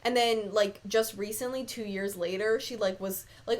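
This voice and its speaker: A woman's voice: medium pitch, steady tone, moderate pace. A young woman hosting a casual podcast, telling stories in a rambling way full of fillers. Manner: rambling storyteller, heavy use of "like". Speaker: podcast host. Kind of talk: casual chat.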